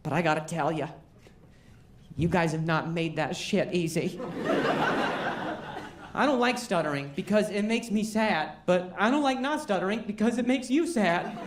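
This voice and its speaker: A man with a stutter performs self-deprecating stand-up for a live crowd, his high voice moving at a moderate pace broken by long pauses. The recording captures a roomy venue with background noise around him.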